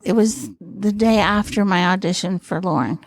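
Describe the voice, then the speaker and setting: A woman in her sixties, a comedian, telling lively stories as a podcast guest. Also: medium pitch, normal speed, vocal fry, no echo. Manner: lively anecdotal storytelling, acting out quoted voices. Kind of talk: storytelling in a podcast interview.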